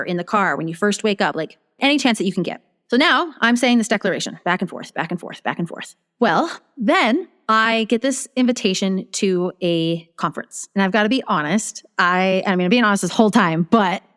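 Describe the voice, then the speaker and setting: Fast-talking woman in a reverberant room. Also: medium pitch. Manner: animated, acts out her own inner dialogue. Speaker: guest business strategist. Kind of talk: casual storytelling interview.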